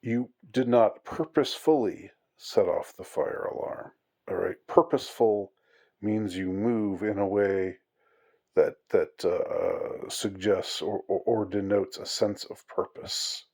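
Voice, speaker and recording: A commentator on English usage gives a casual, rambling monologue in mock outrage, full of fillers and restarts. His voice is lowish and darkish with a breathy edge, and he speaks slowly.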